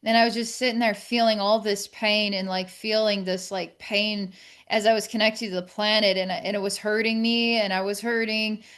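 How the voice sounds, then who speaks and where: A woman's voice: mid-range voice, little pitch movement, a bit bright, clean tone. Reflective woman sharing her story. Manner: reflective, halting, with many restarts. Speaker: podcast guest. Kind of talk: candid personal storytelling.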